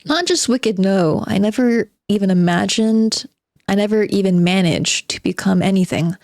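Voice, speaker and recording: A woman's voice: medium pitch, moderate pace, gravelly, no echo, clean studio sound, natural voice. A woman reading aloud as a spiteful, bitter forty-year-old male recluse who sardonically lectures his listeners. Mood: sardonic. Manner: sardonic, self-mocking monologue addressed to "gentlemen".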